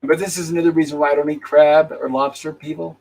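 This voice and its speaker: A man's voice: fairly high pitch, flat delivery, quick pace, gravelly, a little mellow, poor audio. A man hosting a live-stream movie review panel, talking casually and retelling the plot by quoting the characters' lines. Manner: conversational, with restarts. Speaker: host.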